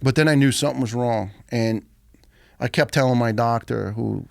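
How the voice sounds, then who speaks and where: A middle-aged man tells his story as a podcast guest. He is blunt and profane and keeps the telling animated. His voice has a gravelly rasp, recorded close and dry with no room sound. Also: medium pitch, moderate pace, no room sound. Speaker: guest, retired firefighter.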